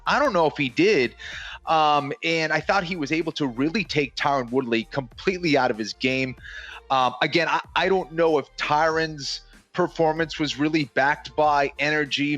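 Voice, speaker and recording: A man with a slightly raised pitch gives fight analysis in a measured, list-like way. Soft music plays underneath him. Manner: measured, lists points with filler ums. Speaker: MMA analyst.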